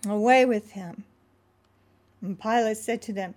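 A woman's voice: mid-range voice, a little slow, a little mellow. A woman preacher who prays with earnest, fervent repetition and then reads scripture aloud with dramatic emphasis. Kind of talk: prayerful sermon and scripture reading.

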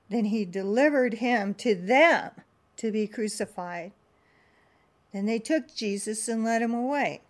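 Earnest, prayerful woman preacher, fairly high voice. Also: measured pace. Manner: earnest and prayerful, with fervent repetitions; reads scripture aloud with dramatic emphasis. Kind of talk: prayerful sermon and scripture reading.

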